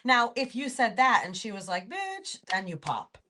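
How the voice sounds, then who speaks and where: A woman's voice: mid-range voice, expressive, moderate pace, pushed and bright. A middle-aged woman co-hosting a podcast in casual chat, chiming in with wry, teasing remarks. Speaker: podcast co-host.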